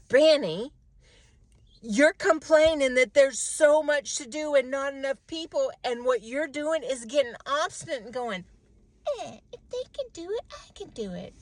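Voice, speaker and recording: A middle-aged woman in a casual self-reflective monologue, animated and talking to herself. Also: sits high, no room sound. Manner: animated, talks to herself, mimics others' voices. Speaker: vlogger.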